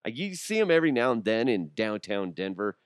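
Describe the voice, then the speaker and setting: A man's voice: lowish voice, very animated, a little fast, clean tone, dry recording, clean studio sound. A man in his thirties hosting a casual solo podcast, rambling and joking with restarts, his voice worn from being sick. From Colorado. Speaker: podcast host.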